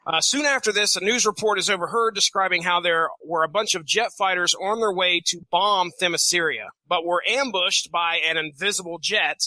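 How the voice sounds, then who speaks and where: A man's voice: sits high, normal speed, few pauses, dry recording, rough recording. A man co-hosting a podcast, animatedly retelling a comic plot in a casual recap. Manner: animated storyteller, fillers and restarts. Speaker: podcast co-host summarizing a comic.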